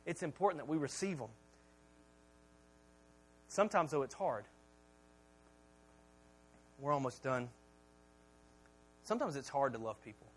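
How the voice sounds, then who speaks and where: A man's voice: mid-range voice, unhurried, pauses often, husky, low-quality recording. A male pastor preaching a sermon, telling stories with humor and often repeating words as he starts sentences. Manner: animated storytelling with humor.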